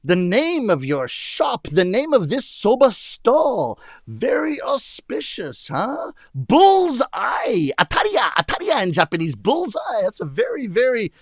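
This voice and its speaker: A man voicing a smooth, flattering male noodle customer who heaps praise and savors each bite, in comic storytelling. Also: very high voice, dry recording, clean studio sound, exaggerated voice. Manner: gushing, effusive praise with drawn-out savoring sounds.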